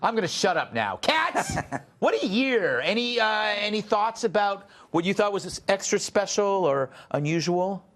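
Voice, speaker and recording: A man with a high, bouncy voice that swings all over as he hosts a panel show. He jokes in quick asides and laughs along with himself. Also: big pitch swings, a bit bright. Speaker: talk show host. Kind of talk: panel talk show banter.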